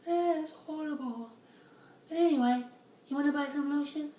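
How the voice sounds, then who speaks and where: Dude putting on a high squeaky persian lady pushing lotion, nosy and fake-shocked, echoey room, mic kinda far. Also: warm tone, slight background noise, natural voice. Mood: pushy, prying. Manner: high, squeaky, drawn-out exclamations. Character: pushy Persian woman lotion seller, feigning surprise. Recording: roomy echo from far off.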